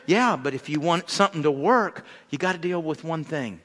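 Pastor, male, higher register, animated sermon delivery with playful asides; recorded in a big echoing church. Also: brisk. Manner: animated, conversational preaching with acted-out asides. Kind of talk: sermon on marriage.

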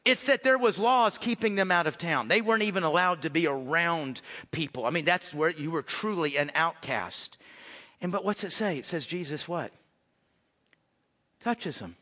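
A man preaching a sermon as pastor, conversational, swinging between loud emphasis and hushed asides. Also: on the high side, lively intonation, moderate pace, in a large hall.

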